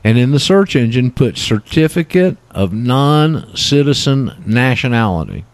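A man's voice: medium pitch, sing-song, no room sound. Male radio host, folksy and chatty, dry close mic. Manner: folksy, repeats himself, quick asides. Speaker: radio talk show host. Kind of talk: casual call-in radio chat.

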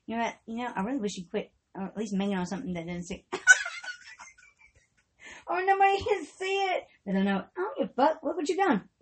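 A woman hosting a casual, profane chat, laughing constantly and swinging from loud to quiet. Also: fairly high pitch, animated, a little fast, long pauses, slight background noise. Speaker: podcast host.

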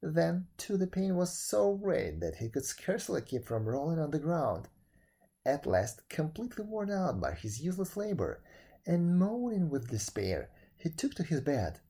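Expressive male storybook narrator. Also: fairly high pitch, normal speed, creaky, slightly rough. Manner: expressive, dramatic. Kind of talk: storybook reading aloud.

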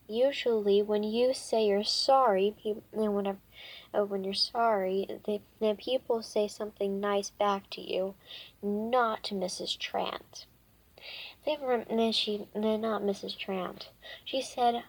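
A woman reading a children's book aloud, halting often with fillers and restarts. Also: medium pitch. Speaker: reader.

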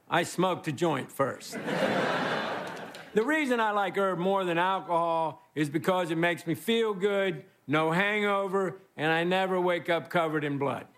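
A man from Texas giving a rambling, deadpan, self-mocking stand-up monologue as guest host on a stage before a live audience. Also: high-pitched, noisy background. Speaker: comedy show guest host. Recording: roaring studio audience laughter.

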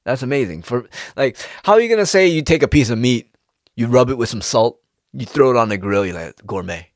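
A man, rambling in a casual, profane monologue with sudden jumps in pitch. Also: expressive, brisk, dry recording, studio quality.

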